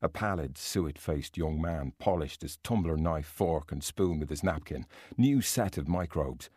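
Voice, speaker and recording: A man doing a put-on Irish accent, deep voice, slow relishing delivery, dry close sound. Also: a little mellow, slightly rough, no room sound, full character voice. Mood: disgusted, vivid. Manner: slow, relishing, vivid reading. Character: man reading a gritty novel passage in mock Irish.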